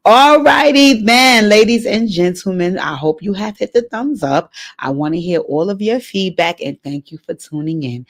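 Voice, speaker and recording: Her voice is on the low side and her speed is normal as this advice show host earnestly answers a letter writer on her vlog. She frequently repeats key phrases and becomes emotional.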